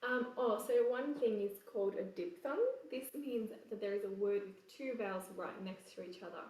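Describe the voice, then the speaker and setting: A woman with an English accent teaching choir vowel sounds in a relaxed, chatty way, breaking into sung examples. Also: mid-range voice, normal speed, far from the mic. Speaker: choir vocal coach. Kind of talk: casual singing lesson with sung examples. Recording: roomy echo, voice away from the mic.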